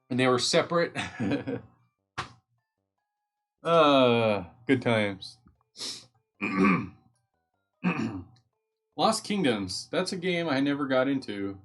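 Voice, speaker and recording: A man hosting a live stream at home, chatting casually and thinking aloud as he reads, easily getting sidetracked. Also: on the high side.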